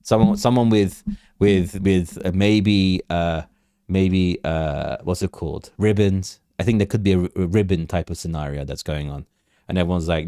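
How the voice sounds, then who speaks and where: A man's voice: deep voice, moderate pace, mellow, clear, resonant tone, dry recording, studio quality. A man hosting a live crypto chart stream, chatting loosely, repeating himself and asking viewers for questions. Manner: rambling, repeats words, asks chat for questions. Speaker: crypto livestream host. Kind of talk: casual live market commentary.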